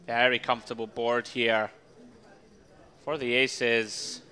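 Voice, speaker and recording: A man's voice: medium pitch, little pitch movement, slow pace, pushed and bright. A man doing live poker commentary with jokey, easygoing banter.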